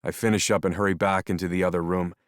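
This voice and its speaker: Deep, dry-voiced male narrator, calm and measured audiobook reading. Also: no room sound. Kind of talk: first-person scripted narration.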